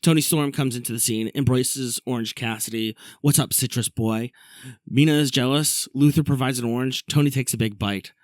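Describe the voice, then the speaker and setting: A man's voice: medium pitch, fairly even intonation, a little mellow, no room sound. Man recapping wrestling, dry close mic. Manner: recaps matches briskly, reads an ad read. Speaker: podcast host. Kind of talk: casual wrestling recap podcast.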